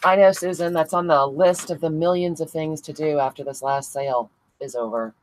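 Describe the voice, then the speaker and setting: A chatty woman with a low, deep speaking voice hosts a crafting livestream from home. She talks casually while she works, answering viewers by name and laughing often. A faint hiss sits under the recording. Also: fairly even intonation, moderate pace, a little mellow, poor audio. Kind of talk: casual livestream chat reading viewer comments.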